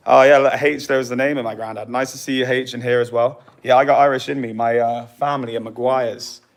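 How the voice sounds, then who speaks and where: A man's voice: medium pitch, fairly even intonation, quick pace. Chatty young man hosting a livestream. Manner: chatty, laughs easily. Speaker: vlog host. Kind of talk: casual livestream chat.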